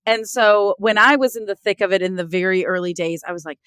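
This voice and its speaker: A woman's voice: mid-range voice, normal speed, hardly any pauses, fairly bright tone, clean tone, dry recording. A middle-aged woman, a guest author in a podcast interview, speaking in an earnest, heartfelt way with many "like"s and "right?"s.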